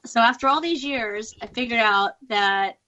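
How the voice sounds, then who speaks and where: A woman's voice: fairly high pitch, moderate pace, bright, forceful tone, lo-fi sound. A woman in her forties from Long Beach, California, with an American accent, chatting frankly and laughing often as a guest on a call from home. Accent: Southern Californian American. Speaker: guest actress. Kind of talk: casual chat. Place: home, with children nearby.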